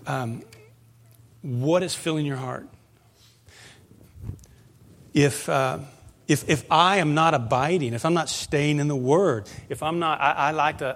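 A male pastor preaching a conversational sermon, moving into animated storytelling. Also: on the high side, unhurried, pauses often.

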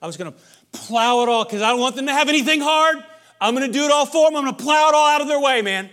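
A man putting on a doting snowplow parent, loud and exaggerated, pitched well above his usual voice. The delivery is bright and sharp, with a mocking, overeager edge. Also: animated, fast talker.

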